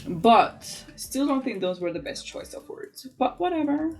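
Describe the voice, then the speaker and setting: A woman's voice: high voice, a little slow, faint music behind. A woman chatting in a casual, opinionated way while doing her makeup for a beauty vlog. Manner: chatty, opinionated, lively asides. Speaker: beauty vlogger. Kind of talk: casual makeup tutorial chat.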